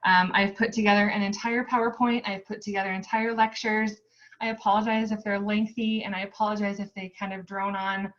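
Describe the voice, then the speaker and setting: A woman's voice: medium pitch, level tone, fairly quick, fairly bright tone, muffled recording. A young American woman giving a casual recorded lecture as a nursing student tutor, chatty and upbeat with lots of ums.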